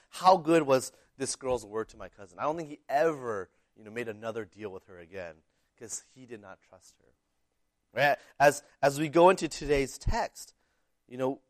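A man's voice: mid-range voice, dry recording. A man preaching a sermon in a conversational way, often checking in with "right?" and repeating words as he starts sentences. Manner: conversational, keeps asking "right?".

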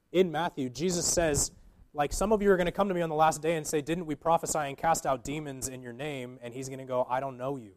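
A young man giving an earnest, informal sermon as a guest preacher, with many fillers and restarts. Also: on the high side.

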